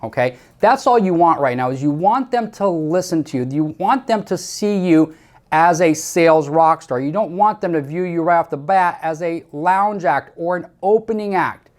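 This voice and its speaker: A man's voice: on the high side, expressive, normal speed. A man coaching salespeople in a training talk, emphatic and repetitive, speaking straight to the listener with firm instructions.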